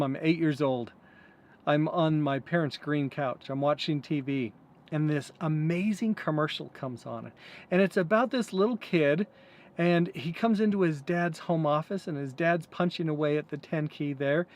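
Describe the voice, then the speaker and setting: A man hosting a vlog, earnestly and reflectively telling a personal story with some hesitant fillers. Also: fairly high pitch. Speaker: host.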